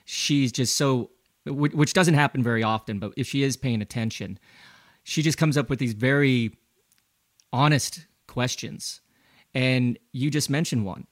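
A man's voice: mid-range voice, unhurried, no echo. Brief: male interview guest with a mid-range voice, an anecdotal storyteller, recorded dry and close. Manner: easygoing anecdotal storyteller who acts out quoted lines. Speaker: guest, former pro cyclist.

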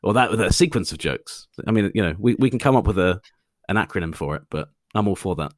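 A man's voice: low-pitched, fast talker, no echo, studio quality. An English man co-hosting a podcast, chatting casually and joking about himself. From England. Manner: animated, self-mocking, laughs at own jokes. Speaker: podcast co-host. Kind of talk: casual chat.

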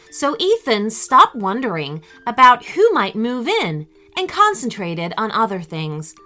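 A woman reads a children's story aloud, slow and deliberate, with a bright, clear tone. Her pitch sits a little high and moves a lot, full of lively expression, with soft music faint behind her. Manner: gentle, expressive, unhurried reading.

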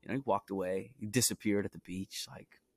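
A man's voice: fairly low pitch, fairly even intonation, brisk, a little mellow, dry recording, studio quality. A young man from Brooklyn, New York, telling stories from his own life in a loose, rambling way, with plenty of "you know" and "like" fillers. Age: young adult. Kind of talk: casual storytelling.

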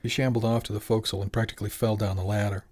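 A man narrating a serialized audiobook in a steady, even storytelling manner. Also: lowish voice, very fast. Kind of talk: scripted narration.

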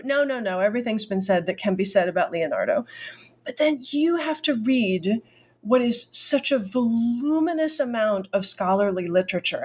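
A middle-aged woman hosting an academic podcast interview, effusive and animated, with a self-deprecating, chatty way of talking. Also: a little high. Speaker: podcast host.

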